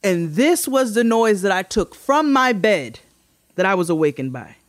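Animated storytelling woman, dry close mic. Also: moderate pace, no echo. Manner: animated, swearing, acts out quotes with big pitch jumps. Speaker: podcast co-host. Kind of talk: casual storytelling chat.

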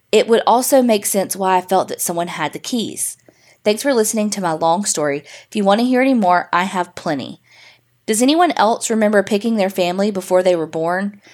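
A woman podcast co-host reading a listener's email story aloud in a steady storytelling voice. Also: mid-range voice.

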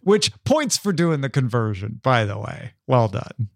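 A man's voice: medium pitch, big pitch swings, unhurried, creaky, dry recording, clean studio sound. A man co-hosting a podcast in casual chat, reading listener comments and laughing often. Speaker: podcast co-host.

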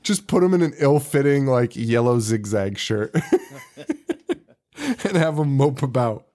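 Laughing, animated male podcast host. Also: mid-range voice, takes it slowly. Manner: laughs often, recaps scenes with mock quotes. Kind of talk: casual movie recap chat.

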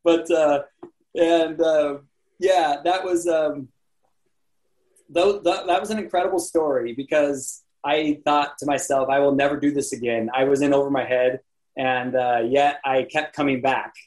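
A man guesting on a podcast, telling a backpacking story in a casual, animated way, acting out other people's lines and often laughing. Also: on the high side, a little slow, poor audio. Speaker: podcast guest, landscape photographer.

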